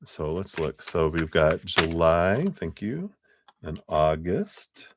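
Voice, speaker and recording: A man doing a live-stream tarot reading in a relaxed, rambling way, with a lot of fillers, pausing to thank viewers by name. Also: low-pitched, noisy background. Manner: loose, rambling delivery with many fillers. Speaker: tarot reader.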